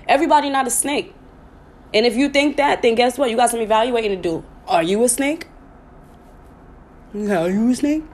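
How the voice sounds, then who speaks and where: A woman hosting her own podcast, talking casually and bluntly to her listeners, with plenty of swearing. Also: fairly high pitch. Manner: blunt, profane, chatty, with sudden laughing outbursts. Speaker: podcast host. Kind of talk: casual live talk to listeners.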